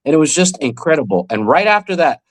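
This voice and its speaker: A man's voice: on the high side, sing-song, fast. A man in his forties, a guest magician and former child actor, telling vivid anecdotes in a casual podcast chat.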